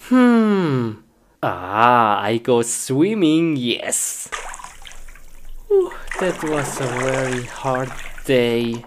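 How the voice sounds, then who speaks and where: A woman's voice: rumbling low, very slow, pauses often, a little hiss or hum. A woman performing a comic skit, talking to herself and breaking into frustrated yelps. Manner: excitable, bursts into frustrated yelps. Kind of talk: comic skit narration to self.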